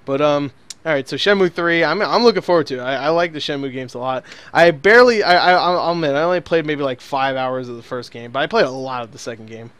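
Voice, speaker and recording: Smooth-voiced man hosting a casual podcast. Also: fairly high pitch, quick pace, a bit bright. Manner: rambling, laughs often, swears freely. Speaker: podcast host. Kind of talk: casual chat.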